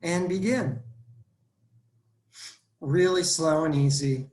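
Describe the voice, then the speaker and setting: A man's voice: a little high, takes it slowly, a little mellow. A male fitness instructor leading a live online workout class, counting reps aloud and giving step-by-step cues over a video call. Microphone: video call computer mic. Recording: roomy echo.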